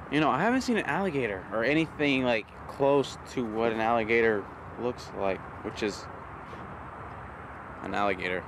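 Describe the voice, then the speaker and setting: A man's voice: mid-range voice, background noise. A young man vlogging casually while walking through an outdoor park, joking and ranting in mock exasperation.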